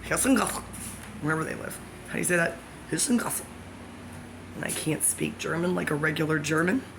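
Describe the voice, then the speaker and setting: Rambling woman with a gravelly voice. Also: deep voice, level tone, quick pace, noisy background. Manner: scattered, self-correcting, jokey asides. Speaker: vlogger. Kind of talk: rambling to-camera monologue.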